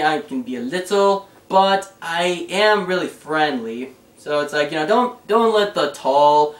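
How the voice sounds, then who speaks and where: Young male vlogger, excitable and rambling, a bit high-pitched, distant mic with an echoey room. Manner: rambling, excitable, lots of fillers and restarts. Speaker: YouTuber answering fan questions. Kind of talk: casual vlog chat. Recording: roomy sound, away from the mic.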